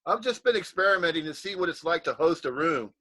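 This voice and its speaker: A man's voice: fairly high pitch, lively intonation, fast talker, sharp tone. A man chatting casually on a video call, rambling and teasing with frequent laughter. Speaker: host of a nondualism talk stream.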